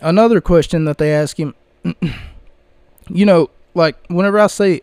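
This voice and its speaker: A man's voice: high-pitched, measured pace, vocal fry, darkish tone, clear, resonant tone, dry recording. Chatty man rambling on a dry mic. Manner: rambling, chatty, frequent fillers. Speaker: podcast host. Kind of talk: casual solo commentary. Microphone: close microphone.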